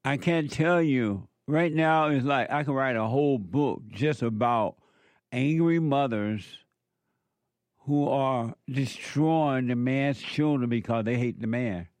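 A man's voice: medium pitch, slow pace, dry recording. A man preaching a sermon, emphatic and repetitive as he addresses a live audience.

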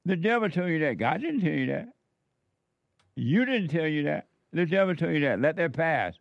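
A man's voice: a little high, lively intonation, moderate pace, creaky, dry recording, muffled recording. A man hosting a casual live show, answering viewer messages with repetitive, preacher-like spiritual advice. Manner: repetitive, exclaims "amazing", preacher-like urging. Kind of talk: casual live-stream chat with religious advice.

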